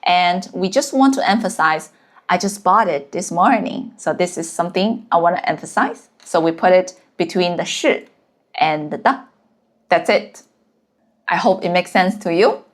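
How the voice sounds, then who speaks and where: Counting the strokes of each character one by one, a native-speaking woman gives a slow, step-by-step Chinese lesson. Her voice sits fairly low and sounds expressive, though she talks at a normal speed.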